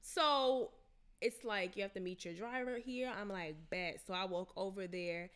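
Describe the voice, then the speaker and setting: A young woman telling a story in casual chat, slangy and animated, acting out the quotes. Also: mid-range voice, measured pace, smooth.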